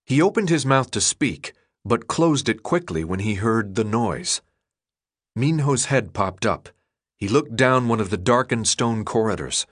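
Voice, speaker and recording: A man narrating an audiobook in a steady, measured way. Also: fairly low pitch, no room sound, clean studio sound.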